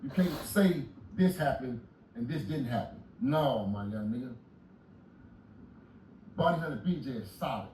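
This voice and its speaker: A man in his late forties retelling prison stories loudly and profanely, shouting at times in an animated way. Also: medium pitch, a little slow, long pauses. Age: 40s. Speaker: guest telling prison stories. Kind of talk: storytelling interview. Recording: roomy echo, distant mic, audible noise.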